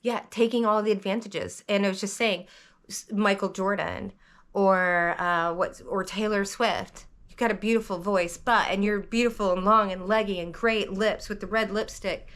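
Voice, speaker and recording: A woman from the American South who reads tarot, talking to camera in a rambling, animated vlog monologue, often cutting herself off mid-sentence. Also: mid-range voice, moderate pace. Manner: rambling, animated, self-interrupting. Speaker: tarot reader vlogger.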